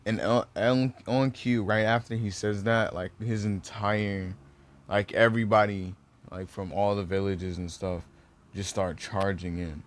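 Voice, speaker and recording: A young man telling a homemade fan story off the cuff, full of "like" and self-corrections. His voice sits a bit low, and he keeps a loose, conversational flow. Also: steady tone, a little slow. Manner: rambling, many fillers and restarts. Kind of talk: casual fan story retelling.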